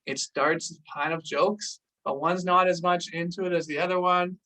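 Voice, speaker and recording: Casual, animated storyteller, mid pitch, recorded at a distance from the mic. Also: normal speed. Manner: casual, lots of "like", acts out gasps and exclamations. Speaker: host recounting a diving story.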